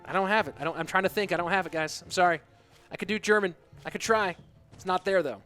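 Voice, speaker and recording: A man's voice: sits high, quick pace, bright, forceful tone, faint music behind. A man commenting a live game tournament, playful and joking with the chat as he calls the plays. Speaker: esports commentator.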